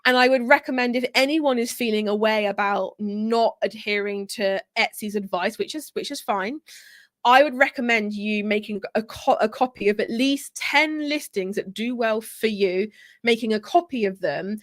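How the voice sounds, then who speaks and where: Hoarse woman, higher-pitched, chatty live host, dry close sound. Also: moderate pace, dry recording. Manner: chatty, repeats words for emphasis. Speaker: live-stream host for handmade sellers. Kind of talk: casual live Q&A.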